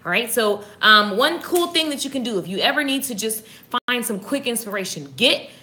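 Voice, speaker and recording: A woman hosting a casual inspirational live stream, energetic and chatty, greeting viewers by name. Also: a little high, moderate pace.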